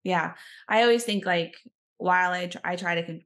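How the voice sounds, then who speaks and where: A woman's voice: on the low side, normal speed, fairly bright tone. A woman, chatting as a podcast guest and using lots of fillers. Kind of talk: casual chat.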